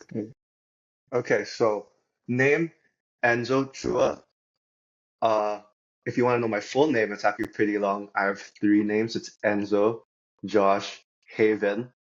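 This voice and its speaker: A young man chats as a podcast guest in a relaxed, upbeat way, laughing easily. His voice sits fairly low. The recording sounds dull and lo-fi. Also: measured pace, long pauses. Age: young adult. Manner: easygoing, chatty and upbeat, laughing often. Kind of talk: casual podcast chat.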